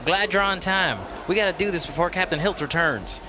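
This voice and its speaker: An actor playing a friendly, hurried police officer who works with the detective. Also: male voice, high voice, music in the background, close to an everyday voice. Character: eager young male police officer friend. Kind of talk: comedy audio drama.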